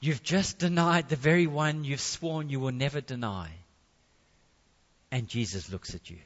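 A man's voice: medium pitch, unhurried, in a large hall, highs cut off. A man preaching a sermon in a conversational way, with jokey asides.

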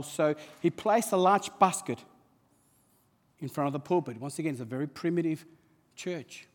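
A man's voice: fairly high pitch, big-room sound. A man preaching a sermon as pastor, impassioned and prone to repeating words as he builds.

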